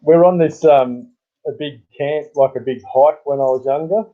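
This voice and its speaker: A man's voice: fairly high pitch, normal speed. Rambling Australian man on tinny audio. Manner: rambling storyteller who chuckles often. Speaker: livestream host. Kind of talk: casual live-stream chat. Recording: tinny phone-like sound.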